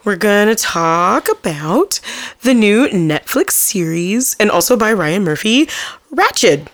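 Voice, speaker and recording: A young adult woman co-hosting a casual podcast, earnest and encouraging, with quick asides. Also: medium pitch, sing-song, no room sound. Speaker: podcast co-host. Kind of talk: casual chat.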